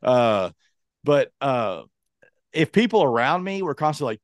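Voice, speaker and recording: A man's voice: medium pitch, sing-song, moderate pace, no room sound, clean studio sound. A man co-hosting a casual chat, rambling and self-deprecating, acting out quotes in a raised voice. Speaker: podcast co-host.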